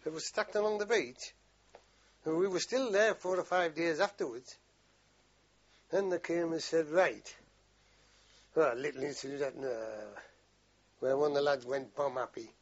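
Older veteran, husky voice, a bit high, swears freely, rambling yarns on dull lo-fi tape. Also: male voice, unhurried, pauses often. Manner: rambling, salty storytelling with frequent swearing. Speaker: veteran interviewee. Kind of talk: oral history interview.

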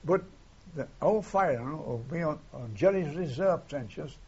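A man's voice: on the high side, lively intonation, unhurried, a little mellow, breathy edge. An older man recalling wartime events in an oral history interview, rambling and retelling old dialogue, often tagging "see?". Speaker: war veteran interviewee. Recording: dull lo-fi archive tape.

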